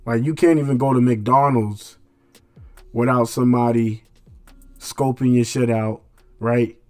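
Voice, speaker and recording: A man's voice: mid-range voice, steady tone, a little slow, a little mellow, clear, resonant tone, dry recording, soft background music. A man hosting a radio show, delivering a blunt casual monologue in street slang full of rhetorical questions.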